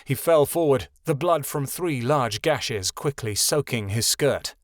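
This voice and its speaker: A man narrating a fantasy audiobook in a measured, expressive reading. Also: mid-range voice, no echo, clean studio sound. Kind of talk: scripted narration.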